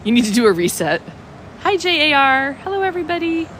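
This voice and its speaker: Bubbly lady on a live walking tour, highish voice, sniffly, phone mic outside with faint street noise. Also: very animated, a little fast, a bit bright. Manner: bubbly, chats with viewers' comments. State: sniffly from a cold. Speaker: travel livestream host. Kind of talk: chatty livestream walking tour. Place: outdoors on a village street.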